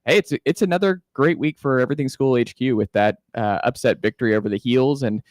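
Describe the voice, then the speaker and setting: A man hosting a sports radio show, talking in an upbeat, quick way with fillers. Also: mid-range voice, no room sound, clean studio sound. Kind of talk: casual sports radio talk. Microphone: studio microphone.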